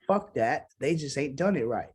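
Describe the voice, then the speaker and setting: A man's voice: medium pitch, lively intonation, normal speed, husky. Man, musician guest, casual and self-assured, mid-range voice. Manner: blunt, swearing, self-assured. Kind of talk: casual interview chat.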